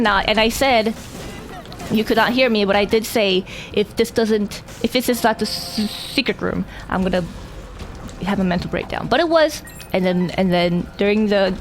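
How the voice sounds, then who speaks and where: A woman giving casual, rambling gameplay commentary, talking animatedly and swearing casually. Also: mid-range voice. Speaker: gameplay streamer.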